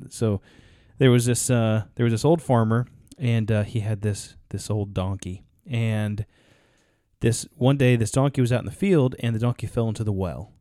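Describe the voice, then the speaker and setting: A man's voice: lowish voice, normal speed, warm tone, no echo, studio quality. A man co-hosting a podcast, telling a story in a rambling way with frequent restarts. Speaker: podcast co-host. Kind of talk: casual podcast talk, storytelling.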